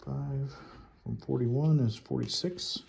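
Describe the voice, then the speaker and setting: A man playing a board game at home, calmly talking through his turn and counting his units and money aloud. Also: medium pitch, slow pace, vocal fry, husky. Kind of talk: casual solo board game playthrough.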